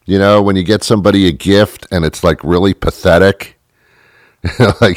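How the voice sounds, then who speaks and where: Man, talk show host, very low voice, deadpan sardonic monologue, dry close mic. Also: normal speed, no room sound. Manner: deadpan, sardonic, self-mocking. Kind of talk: comedic monologue.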